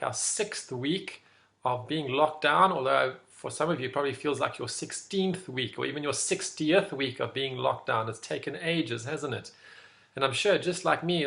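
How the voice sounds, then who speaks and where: A man leading an online school assembly, telling a fable to children in an animated way. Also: a little high, gravelly. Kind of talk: school assembly talk with storytelling.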